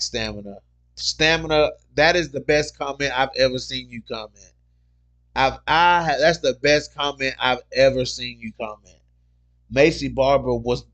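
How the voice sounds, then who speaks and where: A man hosting a casual MMA livestream, reading viewer comments aloud and talking in an excitable, slangy way that loops back on the same point. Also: mid-range voice. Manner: excitable, repeats himself, slangy.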